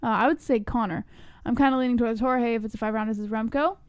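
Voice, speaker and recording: A woman's voice: fairly high pitch, fast talker, smooth, dry recording. A woman co-hosting a casual live stream, chatting and reading viewer comments aloud. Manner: casual, reads chat aloud. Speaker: co-host.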